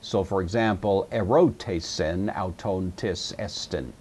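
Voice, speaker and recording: Low husky male Greek teacher. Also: animated, moderate pace, darkish tone. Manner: patient, methodical explaining with frequent uh fillers. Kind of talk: recorded lecture.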